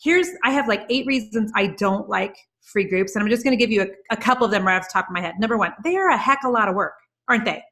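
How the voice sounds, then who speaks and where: A woman with a medium-pitched, pushed, bright voice is interviewed over a video call. She's a guest entrepreneur who talks emphatically and rapid-fire in casual chat, piling up one example after another.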